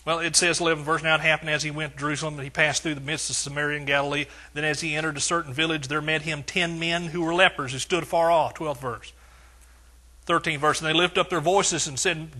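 A male pastor delivers a sermon, stacking phrase on phrase in emphatic repetition. His voice sits a little high, with a bright, forceful edge. An audible huskiness runs through it. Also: breathy edge. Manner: preaching with emphatic repetition and rising swells.

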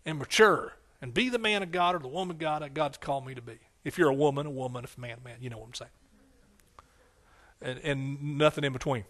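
A man's voice: mid-range voice, quick pace, a bit bright. A man preaching a sermon as pastor, with emphatic, repetitive phrasing and frequent call-and-response questions to his congregation.

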